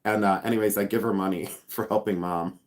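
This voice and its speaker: A man's voice: lowish voice, steady tone, fairly quick. A man hosting a casual live stream, chatty and rambling, laughing often and joking with sarcasm. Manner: sarcastic humor.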